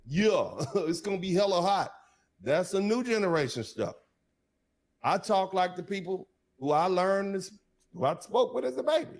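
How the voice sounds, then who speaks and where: A man's voice: high-pitched, lively intonation, moderate pace. A man co-hosting casual commentary, laid-back and chatty, checking in with listeners.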